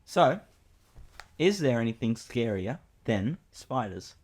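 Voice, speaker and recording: Young man from australia, co-host, mid pitch, animated storyteller. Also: takes it slowly, slightly rough. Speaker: podcast co-host. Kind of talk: casual chat.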